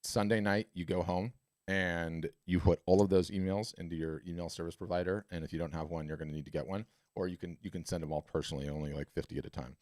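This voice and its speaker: A deep, low-pitched man coaching an artist over a video call. His sound is dry and close, with a salesy, emphatic push and quick tag questions. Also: fairly even intonation, a little mellow, no room sound. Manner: emphatic, salesy, repeated "right?" tags. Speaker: webinar host and art business coach. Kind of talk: coaching a caller in a live webinar.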